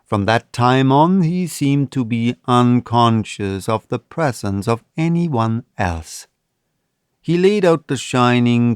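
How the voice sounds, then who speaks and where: A man reading a short story aloud as narrator, in an expressive, measured style. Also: mid-range voice, smooth, no room sound, studio quality. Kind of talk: scripted audiobook narration.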